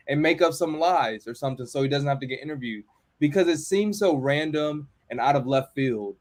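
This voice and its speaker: A man's voice: fairly high pitch, a little fast. A man in a podcast chat, talking casually with many fillers. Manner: casual, filler-heavy, speculative. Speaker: podcast panelist.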